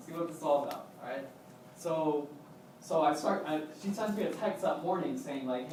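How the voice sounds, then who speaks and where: A young man casually telling a rambling story, animated, often acting out what others said. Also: on the high side, moderate pace, slight background noise. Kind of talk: casual spoken anecdote. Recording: echoey room, mic from a distance.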